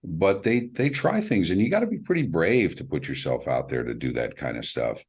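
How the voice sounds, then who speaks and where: Middle-aged male director, very low and husky, animated storyteller who performs the voices of people he quotes. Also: brisk. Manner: animated, acts out quoted voices with big pitch jumps, laughs. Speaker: film director. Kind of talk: casual interview storytelling.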